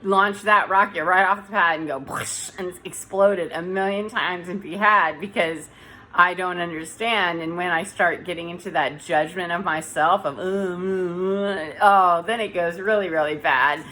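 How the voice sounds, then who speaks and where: A woman's voice: on the low side, moderate pace, bright, forceful tone, low-quality recording. Woman, casual vlog monologue, self-correcting, faint room hum. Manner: rambling, self-correcting, chatty. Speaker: vlogger. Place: dim room.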